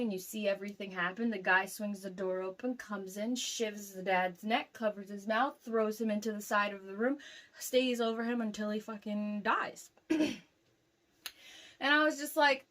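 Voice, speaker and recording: Rambling young woman telling a dream. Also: mid-range voice. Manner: rambling, filler-heavy, animated retelling. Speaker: vlogger recounting a dream. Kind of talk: casual storytelling to camera.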